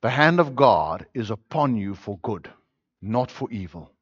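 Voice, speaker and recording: A male pastor preaching a sermon, swinging between loud, emphatic declarations and quiet, intimate passages. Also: on the low side, animated, measured pace, breathy edge, no echo. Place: church. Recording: dull, dry lo-fi sermon recording.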